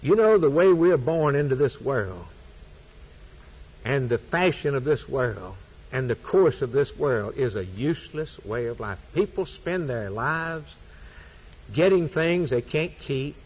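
Man, husky voice, sermon, emphatic repeating cadence, mid pitch. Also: animated, a little slow, a little mellow, poor audio. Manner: repetitive, emphatic preaching cadence. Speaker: preacher.

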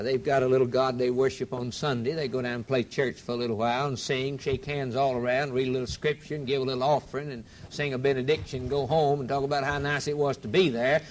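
A man preaching a fervent sermon, rhythmic and repetitive, swinging from loud declarations to hushed quoted scripture. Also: on the high side.

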